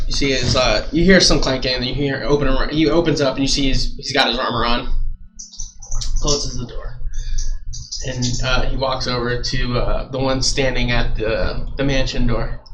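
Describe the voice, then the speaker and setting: A man's voice: medium pitch, fairly even intonation, normal speed, long pauses, noisy background. A man narrating a tabletop game as game master, loose and chatty. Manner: loose, chatty, laughing with the players. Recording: roomy echo, faint music.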